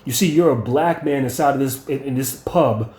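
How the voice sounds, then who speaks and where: A man's voice: medium pitch, moderate pace, darkish tone, close to an everyday voice. A man imitating a gushing, flirtatious woman who showers someone with compliments, in an echoey room.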